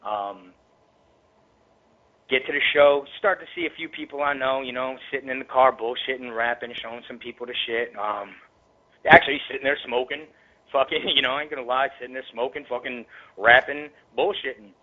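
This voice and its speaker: A man's voice: medium pitch, brisk. Man from tampa bay, rapper guest, profane street slang, casual storytelling, tinny phone-line sound. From Tampa Bay area, Florida. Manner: grows heated and louder.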